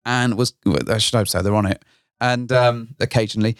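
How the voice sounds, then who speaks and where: A man co-hosts a casual podcast, his voice sitting at an ordinary middle pitch. He tells stories in a rambling way, correcting himself and laughing often. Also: fairly even intonation, a little fast, clean tone. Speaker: podcast co-host. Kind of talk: casual chat.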